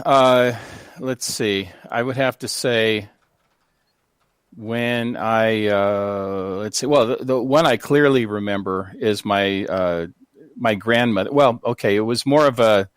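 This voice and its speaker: A man's voice: fairly low pitch, no room sound, clean studio sound. An older American man, a guest on a radio talk show, telling rambling personal stories full of fillers and restarts. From United States. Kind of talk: casual interview storytelling.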